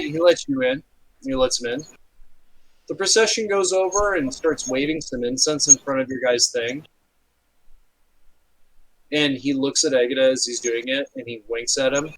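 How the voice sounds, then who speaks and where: A man narrating as game master of a tabletop game, relaxed and often pausing with fillers. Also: medium pitch, rough recording. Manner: relaxed, hesitant with fillers, slips into quick character voices.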